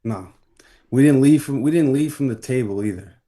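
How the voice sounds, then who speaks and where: A man in his twenties, a guest in a casual chat, talking in a relaxed, hesitant way with lots of ums as he searches for words. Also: medium pitch, normal speed, far from the mic, crowd noise. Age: 20s. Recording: roomy sound from farther off the mic.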